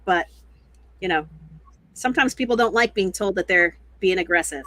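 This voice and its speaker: A woman speaking on a casual panel, her voice bright and her pitch swinging widely. She sounds jokey and expressive. The recording is dry and close, with no room sound. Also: normal speed, no room sound.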